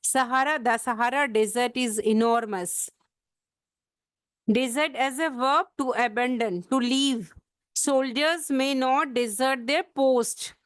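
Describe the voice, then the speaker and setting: A woman with a high voice teaches an exam-prep English vocabulary lesson. She spells words out letter by letter and slows right down to show the stress in each word. The sound is dry and close, with no room echo. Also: smooth.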